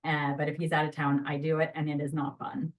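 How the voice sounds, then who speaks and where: A woman narrator talks to a room about her craft in a lively, chatty way, her voice sitting a little low. She is picked up from a distance, so the sound is somewhat removed. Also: brisk. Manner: lively, chatty, jumps into voice demos. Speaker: audiobook narrator. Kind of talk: presentation to an audience.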